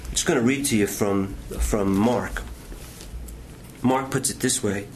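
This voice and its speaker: A man preaching a sermon with passion, swinging between strong emphasis and quiet, near-whispered lines. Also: lowish voice, a little hiss or hum. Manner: impassioned preaching with dramatic pauses and dropping to near whisper. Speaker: pastor.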